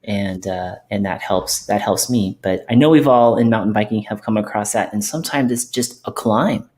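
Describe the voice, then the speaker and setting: A man hosting a podcast, talking in a relaxed, rambling way with plenty of fillers. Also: lowish voice, moderate pace. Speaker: podcast host. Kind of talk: casual podcast chat.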